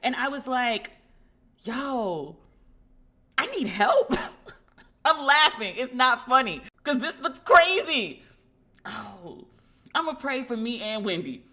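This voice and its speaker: A woman host chatting casually on her podcast. Her voice is bright and forward, and she tells her stories with lively energy, acting out the back-and-forth she quotes. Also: high voice, unhurried. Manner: animated storytelling, acting out quoted dialogue. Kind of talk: casual commentary.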